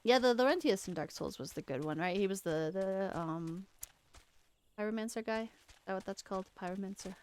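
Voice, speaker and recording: A woman's voice: medium pitch, a little fast. A young woman streaming a game, chatting casually and rambling as she searches for names. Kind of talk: casual gaming commentary.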